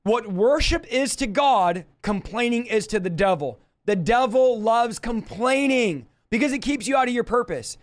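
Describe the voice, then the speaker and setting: A man leads a livestreamed Bible teaching in a fiery, emphatic style. His voice sits high, and he talks straight at the camera to press each point home. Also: expressive, normal speed, hardly any pauses. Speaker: preacher.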